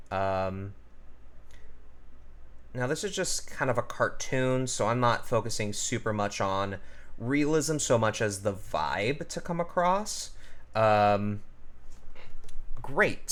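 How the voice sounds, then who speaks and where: A man's voice: lowish voice, a bit bright, clear, resonant tone. A man talking casually as he draws, thinking aloud with lots of ums while he explains character voices. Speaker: character designer and voice artist. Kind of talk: casual drawing and voice tutorial.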